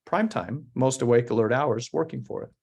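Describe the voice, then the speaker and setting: A company founder answering interview questions in an earnest, motivational way, slowing down to stress key points. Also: male voice, medium pitch, creaky, a little mellow, husky.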